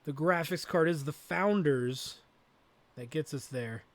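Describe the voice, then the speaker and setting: A man's voice: fairly high pitch, a little slow. A man hosting a let's play, thinking aloud as he plays and swearing freely. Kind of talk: gameplay commentary.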